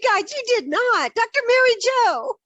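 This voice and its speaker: A woman host with a very high, swooping voice reacts to her guest with exclamations and gasps. The sound is dry and close to the mic. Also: very animated, normal speed, fairly bright tone, no echo, highs cut off. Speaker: podcast host. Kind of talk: casual interview reactions.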